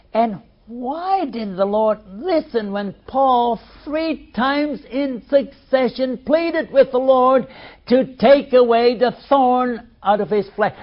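A man preaching a sermon, swinging between loud emphasis and quiet asides. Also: high voice, dull audio.

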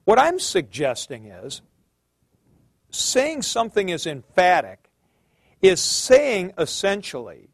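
A male teacher with a high voice gives a classroom lecture at an unhurried pace. He explains patiently, calls on students by name and thinks aloud as he works through a point. The sound is dry and close, with no room echo. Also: wildly swooping pitch. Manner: thinks aloud with fillers and restarts.

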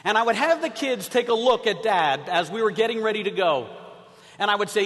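A man's voice: sits high, lively intonation, a little fast, fairly bright tone. A middle-aged man preaching a sermon as a missionary, telling stories and leading the congregation in call-and-response. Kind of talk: sermon with storytelling. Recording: long hall reverb.

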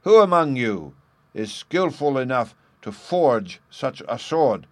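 A man's voice: medium pitch, measured pace, close to an everyday voice. A man voicing a proud, stern old master smith in a storybook reading.

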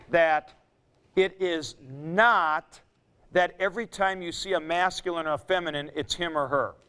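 A man's voice: a little high, fairly bright tone, clear, resonant tone. A man teaching a Greek grammar class. He stops to correct himself and repeats the key points. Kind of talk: lecture.

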